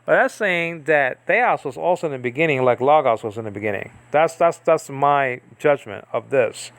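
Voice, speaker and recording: A man's voice: mid-range voice, lively intonation, normal speed, a bit bright, dry recording. A man giving a casual, rambling Bible study lesson, thinking aloud with many fillers and asides. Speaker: Bible teacher.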